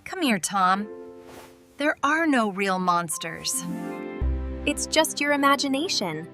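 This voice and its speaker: A woman playing a gentle storybook mother, her voice high and unhurried as she soothes a frightened little boy. She talks softly and reassuringly, with music playing under her. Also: animated. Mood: soothing. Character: gentle loving mother comforting her scared son. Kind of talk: storybook acting.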